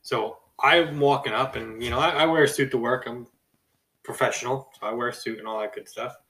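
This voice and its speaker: A young adult man casually telling a story from his job on a podcast, animated and acting out the people in it. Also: mid-range voice, brisk, distant mic, low-quality recording. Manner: animated, acts out quoted people with a raised voice. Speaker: podcast host.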